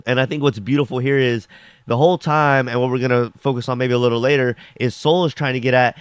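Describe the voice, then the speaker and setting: A man's voice: medium pitch, fairly even intonation, quick pace, clear, resonant tone, dry recording. Rambling casual man reviewing an episode. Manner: rambling, filler-heavy with frequent "like"; acts out characters' lines while recapping.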